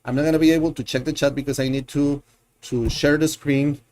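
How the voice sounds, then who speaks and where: A man's voice: fairly high pitch, steady tone, a little fast, darkish tone. A man teaching a live online Spanish lesson, patiently repeating words and drilling his learners, often correcting himself as he thinks aloud.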